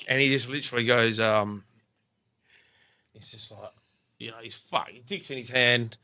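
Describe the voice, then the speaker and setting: Bright-voiced Australian man telling a story. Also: mid-range voice, normal speed, pauses often. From Perth, Australia. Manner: swears freely, lots of filler likes, animated retelling. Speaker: podcast guest, rapper. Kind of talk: casual storytelling.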